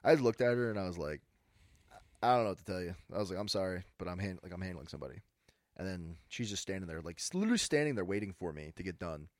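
A young man, telling stories in a laid-back, deadpan way on a casual podcast. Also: sits low, fast, dry recording, studio quality. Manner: laid-back, deadpan storyteller who mimics angry customers. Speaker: podcast co-host. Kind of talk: casual storytelling chat.

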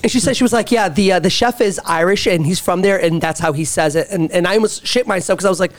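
A man's voice: high-pitched, fast talker. A man co-hosting a casual chat who tells a restaurant story in a loose, rambling way. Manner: rambling, with many fillers and restarts. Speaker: podcast co-host.

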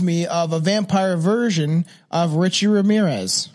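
High-voiced rambling male podcast host. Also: fairly even intonation, moderate pace, a little mellow. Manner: rambling, slangy, laid-back stoner talk. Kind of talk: casual podcast chat.

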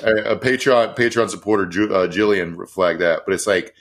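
A man's voice: fairly low pitch, steady tone, moderate pace, fairly bright tone. A man co-hosting a podcast, giving casual, profane and sarcastic political commentary. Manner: profane, sarcastic, rambling with fillers. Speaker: podcast co-host.

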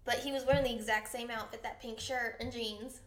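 A woman's voice: a little high, fairly even intonation, a little fast, fairly bright tone, reverberant. A woman co-hosting a podcast in casual chat, chatty and swearing freely. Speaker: podcast co-host.

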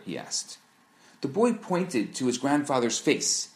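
A man in scripted narration, teaching a Torah lesson in a measured, explanatory way and posing rhetorical questions. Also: medium pitch, wildly swooping pitch.

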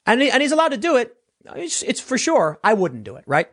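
Animated male political commentator. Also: very high voice, fairly quick, breathy edge. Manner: animated, rambling, with repeated restarts.

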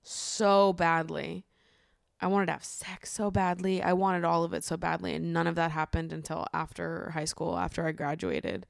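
A woman in her late twenties hosts a casual solo podcast, laughing often and swearing freely as she talks on her own. Her fairly low, creaky voice is flat and a little fast, with hardly any pauses, recorded dry at studio quality.

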